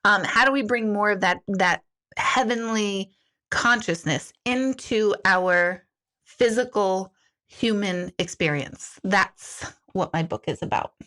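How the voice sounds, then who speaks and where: A middle-aged woman, a spiritual medium, chatting casually on a livestream and reading out viewer comments, animated and self-deprecating. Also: mid-range voice, slow pace. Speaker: spiritual medium hosting a live Q&A.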